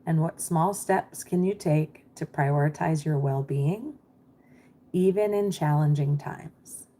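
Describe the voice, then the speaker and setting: A lower-pitched woman talks straight into her computer mic on a livestream. She is a middle-aged American business coach, chatty and reassuring, answering viewers as she reads the chat. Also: slow pace, dark tone.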